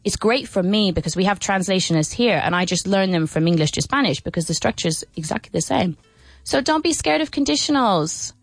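A woman's voice: mid-range voice, brisk, no room sound, soft background music. A woman presenting a radio English lesson, playful and full of laughs, with exaggerated sing-song intonation on her questions. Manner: lively, playful, with many laughs. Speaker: English teacher and radio host. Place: radio studio.

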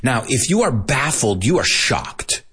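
Husky, animated man teaching English. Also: medium pitch, unhurried. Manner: animated, switches between English and Spanish to explain words. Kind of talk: bilingual language lesson.

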